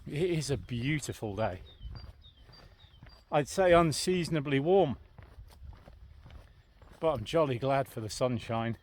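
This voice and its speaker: A man's voice: mid-range voice, lively intonation, a little slow, long pauses. A man vlogging while he walks outdoors on a country lane, chatty and thinking aloud as he goes. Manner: chatty, thinking aloud, understated British phrasing. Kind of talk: walking vlog narration.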